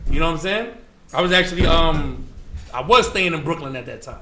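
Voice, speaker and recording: A man's voice: on the high side, expressive, brisk, crowd noise. A man from the Bronx with a New York accent, a guest telling loose, slangy stories with many fillers. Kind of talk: casual storytelling interview. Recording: echoey room with faint ambient noise.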